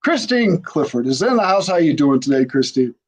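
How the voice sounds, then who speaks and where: Male podcast host, high and animated, upbeat promo energy, on a video call. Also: a little fast. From Michigan. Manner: enthusiastic, hyped promo delivery.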